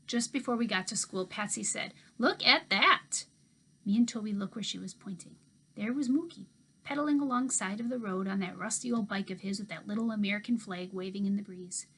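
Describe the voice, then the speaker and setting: A woman teacher reading a children's novel aloud in expressive first-person storytelling. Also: mid-range voice, fairly quick, husky.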